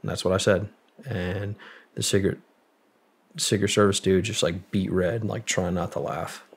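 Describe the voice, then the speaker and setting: Young male vet, low gravelly voice, husky, halting and profane storytelling. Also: fairly even intonation. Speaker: guest, Marine veteran. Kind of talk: casual storytelling.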